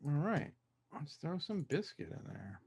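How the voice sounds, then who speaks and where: A man's voice: fairly high pitch, sing-song, a little slow, creaky, a little mellow, a little hiss or hum. A man co-hosting a live brewing stream, chatting casually and agreeably in short replies. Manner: easygoing, agreeable, brief replies. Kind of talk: casual chat.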